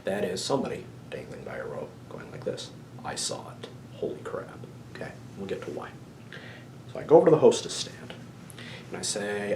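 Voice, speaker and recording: A man with a fairly low voice telling a ghost story as a tour guide would. He drops into hushed asides and keeps checking in with his listeners. The sound is roomy, with a faint low rumble behind him. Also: very animated, moderate pace.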